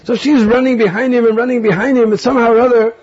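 A man giving a sermon as an animated storyteller who often chuckles. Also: extremely high pitch, quick pace, breathy edge, highs cut off. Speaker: spiritual teacher.

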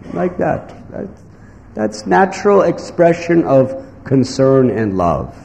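A man giving a devotional sermon in slow, emphatic phrases, now and then acting out what others might say. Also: on the high side, sing-song, gravelly, darkish tone. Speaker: spiritual teacher. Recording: echoey hall with faint background noise.

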